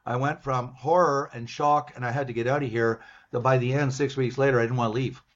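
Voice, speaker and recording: An older man with a Canadian accent, a business professor guest in an interview, telling stories in a lively, animated way. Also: medium pitch, fairly quick. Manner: lively, animated, acts out his own past lines. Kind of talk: storytelling in an interview. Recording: dull, lo-fi sound.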